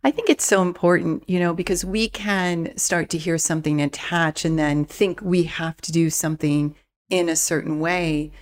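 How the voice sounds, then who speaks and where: A woman speaking as a spiritual mentor guest in a relaxed interview, calm and reflective with easy laughs. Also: on the low side, normal speed. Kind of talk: casual interview chat.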